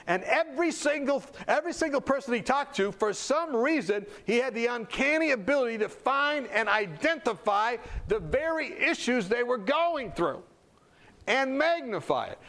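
A man preaching a sermon, telling a story with animated delivery and acted-out dialogue. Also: very high voice.

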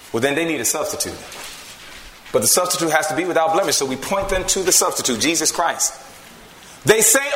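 A man preaching a sermon, swinging from loud emphasis to hushed storytelling. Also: on the high side, very animated, fairly quick, reverberant, slight background noise.

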